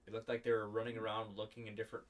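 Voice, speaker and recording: A man voicing a friendly male orc innkeeper in a tabletop game, speaking a bit lower and quieter, with hesitant pauses. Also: completely flat delivery, lightly acted.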